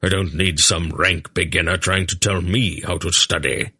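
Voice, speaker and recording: Cold, contemptuous old storybook grandfather, voiced by a male narrator, low and clipped. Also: steady tone, normal speed, sharp tone, husky, heavily acted. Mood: scornful. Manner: curt, contemptuous.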